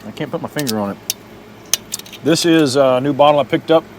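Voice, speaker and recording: A middle-aged Oklahoma man with a slightly high voice talks a little fast in a rambling, casual camping vlog. He's in and around his truck at a campsite, chatting to his dog, with faint bug noise in the background.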